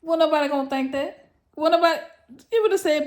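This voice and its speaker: A woman's voice: high voice, quick pace, pauses often, darkish tone. A woman giving casual, exclamatory commentary to camera, often breaking into laughter between phrases. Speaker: vlogger. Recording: echoey room.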